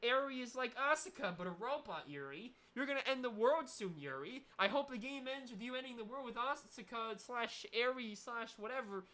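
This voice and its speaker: A giant sneering AI hangs from the ceiling in a game and mocks its victim, as a woman puts it on. The voice is bright and sharp, with pitch that swings up and down through each insult. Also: animated, normal speed, few pauses. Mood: taunting. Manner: mocking, insulting, repeats the name with a drop. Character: giant sneering ceiling-hung AI, taunting and menacing.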